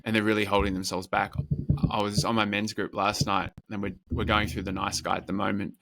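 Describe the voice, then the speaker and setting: Earnest low-voiced men's coach. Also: male voice, flat delivery, gravelly, fairly bright tone, slight background noise. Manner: earnest, measured, speaks in lists. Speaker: men's coach, podcast guest. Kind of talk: reflective interview talk.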